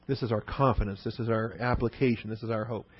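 A man's voice: fairly low pitch, fairly even intonation, quick pace, breathy edge, dry recording. Emphatic preaching man, dull dry recording. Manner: emphatic, rhetorical questions, repeats key points. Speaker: pastor. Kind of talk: expository sermon.

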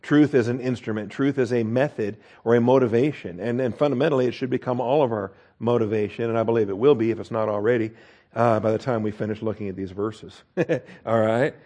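A man's voice: medium pitch, brisk, mellow. A man preaching a conversational Bible-teaching sermon in church, reading verses aloud, explaining Greek words and often checking in with "okay?". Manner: folksy, chuckles at the text, frequent "okay?" checks with listeners. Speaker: pastor.

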